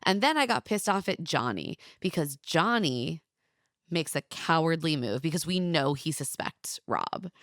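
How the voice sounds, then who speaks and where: A woman's voice: low-pitched, animated, a little slow, a bit bright, no echo, studio quality. A woman co-hosting a podcast, recapping a reality show in emphatic, exasperated casual chat. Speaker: podcast co-host.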